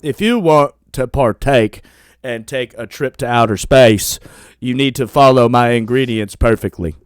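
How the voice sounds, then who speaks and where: A man voicing a slow, folksy man who explains a home recipe in a drawling delivery. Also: medium pitch, clear, resonant tone, no echo, close to an everyday voice. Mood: instructive.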